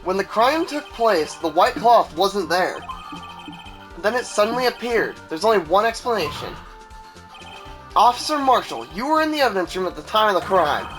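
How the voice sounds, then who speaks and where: A man voicing a confident young male defense lawyer in a measured reading over game music. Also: high-pitched, very animated, a bit bright.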